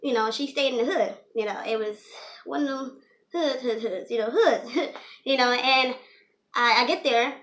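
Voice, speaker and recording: A woman's voice: a little high, moderate pace, fairly bright tone. A young woman telling a personal story in a casual, rambling way, full of "you know" fillers. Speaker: storyteller vlogger.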